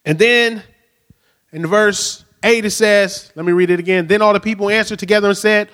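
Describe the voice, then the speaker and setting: This middle-aged male pastor delivers his sermon conversationally, often turning to the crowd with a "right?" to check in. He speaks at a moderate pace in a steady, high-pitched voice with a somewhat bright quality.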